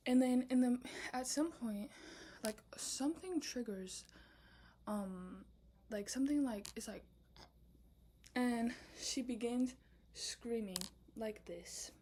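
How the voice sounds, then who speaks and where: A student, a young woman with a fairly high voice, pitches her film script in a casual late-night chat. She goes slowly with long pauses, whispers a lot, and breaks into loud asides, her speech full of fillers. A faint hiss or hum sits under the recording.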